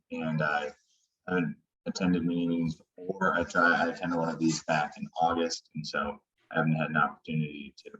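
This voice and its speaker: A man on a video call answering questions hesitantly, with many ums, as a candidate for an officer post. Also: a bass voice. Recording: dull lo-fi call audio.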